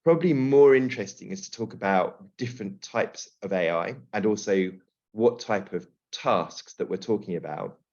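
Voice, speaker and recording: A man giving a webinar presentation as the guest specialist, slightly hoarse and speaking in a steady, explanatory way over a video call. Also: fairly low pitch, moderate pace, lo-fi sound.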